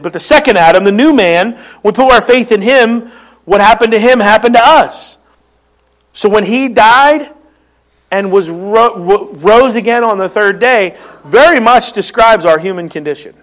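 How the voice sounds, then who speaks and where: A pastor with a Philadelphia accent and a notably high, somewhat bright voice delivers a sermon. He teaches earnestly, reading scripture aloud and explaining what each verse means for his congregation.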